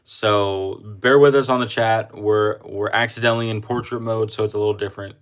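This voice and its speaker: A man's voice: lowish voice, steady tone, fairly quick, clear, resonant tone. A young man from the United States co-hosting a casual livestream chat, easygoing and rambling. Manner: easygoing, rambling with restarts and laughs. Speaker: co-host of coin livestream.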